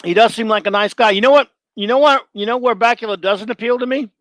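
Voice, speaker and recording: Higher-voiced middle-aged man, blunt. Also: quick pace, a bit bright, no echo. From Louisiana. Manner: blunt and opinionated, rambling with restarts. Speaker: show host. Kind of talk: casual live-show monologue, answering chat.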